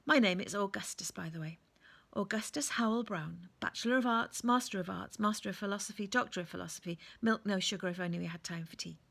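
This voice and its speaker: A woman's voice: medium pitch, fast, creaky, fairly bright tone. A woman reading aloud and voicing a learned, chatty, courteous male owl with a playful, wordy manner. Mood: genial.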